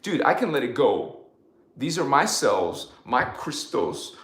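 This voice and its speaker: A man speaks slowly and unhurriedly at an even middle pitch, leading his listeners through repeated affirmations and chanted made-up syllables. His voice rings in an echoey room, as on a casual spiritual live stream from home. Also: over music. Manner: leads repeated call-and-response affirmations and chants in invented syllables.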